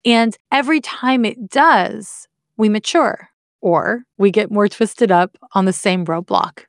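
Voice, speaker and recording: A woman's voice: mid-range voice, creaky, dry recording, clean studio sound. A woman explaining astrology in a casual, candid way, swearing now and then and making wry asides. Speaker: astrology teacher.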